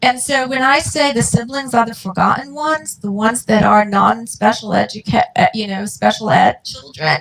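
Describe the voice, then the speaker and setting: Gravelly, high-pitched middle-aged woman. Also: normal speed, few pauses, fairly bright tone, poor audio. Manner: earnest, impassioned, acts out quoted dialogue. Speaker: guest, mother. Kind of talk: emotional personal storytelling.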